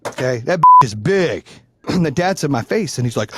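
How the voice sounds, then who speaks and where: A man in his forties hosting a podcast, telling stories in a casual, profane, animated way. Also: mid-range voice, brisk, very noisy. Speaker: podcast host. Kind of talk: casual chat.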